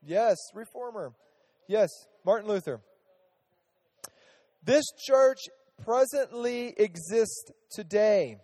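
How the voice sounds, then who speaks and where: A man's voice: high voice, animated, slow, pauses often, mellow, big-room sound. A man teaching a casual Bible lesson to a group, chatty, asking them questions and restarting his sentences often.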